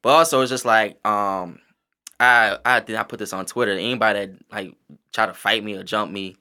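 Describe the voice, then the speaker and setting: A man from the American South telling stories on a podcast, profane and animated, acting out his own reactions. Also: fairly low pitch, brisk, smooth. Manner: profane, animated storytelling, calls himself introverted. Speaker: podcast host, stage host and performer. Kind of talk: casual podcast storytelling.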